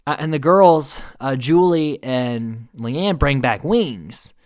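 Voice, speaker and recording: A man giving a casual, opinionated recap commentary, animated and swearing, with many fillers. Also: medium pitch, takes it slowly.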